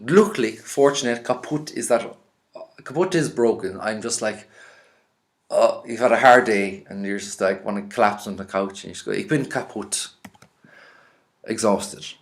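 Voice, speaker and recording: An Irish man teaching a vocabulary lesson, reading each word out and then explaining it in a relaxed, chatty way. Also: medium pitch. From Ireland. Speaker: language teacher.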